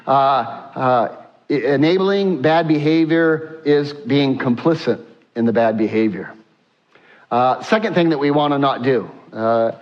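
A man's voice: mid-range voice, dull audio. A man preaching a sermon as a pastor, emphatic and repetitive, with many fillers. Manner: emphatic, repeats points, frequent "uh" fillers.

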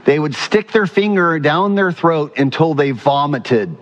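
A male pastor preaching a sermon in a church, animated and often quizzing the congregation. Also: on the high side, unhurried, dull audio. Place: church sanctuary.

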